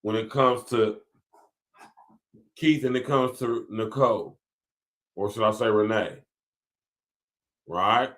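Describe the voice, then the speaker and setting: A man's voice: lowish voice, slow, long pauses, fairly bright tone. Emphatic man hosting a commentary podcast. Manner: emphatic, repetitive, reads passages aloud then riffs with slang. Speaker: podcast host.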